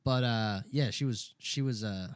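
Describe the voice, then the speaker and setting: A young man in a casual podcast chat, telling a rambling story full of swearing and filler words. His voice sits at an ordinary middle pitch for a man. It is recorded close and dry, with no room sound. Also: a little slow, clean tone, no echo. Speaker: podcast co-host.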